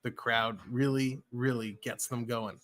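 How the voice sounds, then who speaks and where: A man doing excited, chatty live play-by-play of a hockey game from home, with a TV behind him. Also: medium pitch, unhurried. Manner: excited, chatty, laughs at mishaps. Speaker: play-by-play streamer. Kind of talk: amateur live play-by-play commentary.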